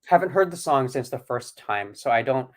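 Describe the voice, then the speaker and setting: California guy cohosting, middle pitch, excited, says stuff twice, lots of false starts. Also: normal speed. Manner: enthusiastic, repeats himself, stammers into sentences. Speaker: co-host of a livestream. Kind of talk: casual chat.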